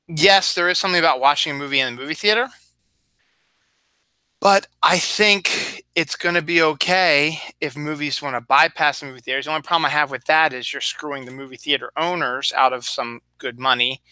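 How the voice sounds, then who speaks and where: A man's voice: on the high side, fairly quick, pushed and bright, clean tone, no room sound. A man hosting his own show in a loose, rambling solo chat, acting out little asides as he goes. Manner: rambling, chatty, acts out little quoted asides. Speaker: podcast host.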